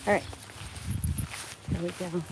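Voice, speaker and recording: A woman's voice: on the low side, flat delivery, measured pace, a little hiss or hum. A woman chatting casually as she walks her dogs on a neighborhood street, recording herself on a handheld phone. She rambles, calls to the dogs and laughs often. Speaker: dog-walking vlogger. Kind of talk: casual live walk-and-talk.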